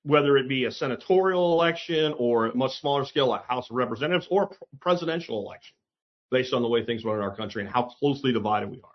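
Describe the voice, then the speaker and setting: A man's voice: medium pitch, expressive, quick pace, dull audio. A man hosting a casual opinion monologue, talking bluntly and sarcastically, with frequent swearing and emphatic asides. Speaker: commentary host.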